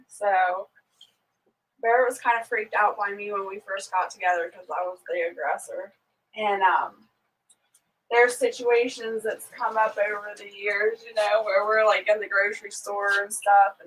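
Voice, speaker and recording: A woman's voice: medium pitch, a bit bright, recorded from a distance, rough recording. A woman hosting a casual morning livestream, chatting easily, laughing often and greeting viewers by name. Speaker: livestream host. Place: at home on a small farm.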